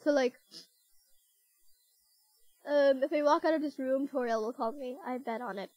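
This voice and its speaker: A woman's voice: high voice, moderate pace, long pauses, a little mellow. Giggly young woman gaming with music. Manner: giggly, chatty, easily startled. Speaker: gaming YouTuber. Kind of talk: casual gameplay commentary. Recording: game music underneath.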